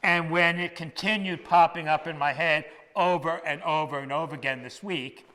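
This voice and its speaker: An older man, a priest who was once a hospital chaplain, preaching a measured, emphatic sermon that drops to a hush on key words, in a church. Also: fairly high pitch, fairly even intonation. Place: church sanctuary. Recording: long church reverb.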